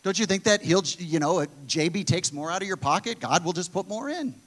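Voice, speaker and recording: A man's voice: sits high, animated, fairly quick, fairly bright tone. Earnest man preaching casually. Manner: earnest, with frequent restarts. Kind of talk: conversational sermon.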